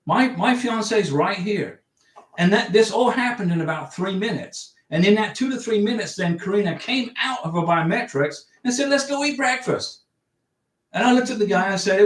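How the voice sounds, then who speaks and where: A man's voice: high voice, far from the mic. A man hosting a casual livestream, reading viewer questions aloud and answering bluntly in a chatty way. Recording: echoey room, voice off-mic.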